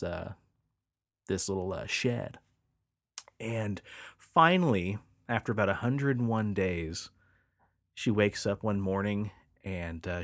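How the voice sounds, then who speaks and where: A man's voice: deep voice, dry recording, studio quality. A man co-hosting a casual podcast, retelling folklore in a laid-back, rambling way. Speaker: podcast co-host. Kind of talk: casual storytelling chat.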